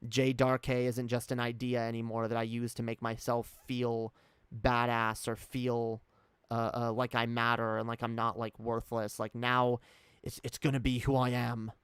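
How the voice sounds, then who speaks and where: A man talking in a candid, rambling way, full of fillers and restarts. His voice is smooth and resonant, at a middling pitch, recorded dry and close. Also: completely flat delivery, normal speed, a bit bright, no room sound. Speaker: streamer. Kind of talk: casual personal chat.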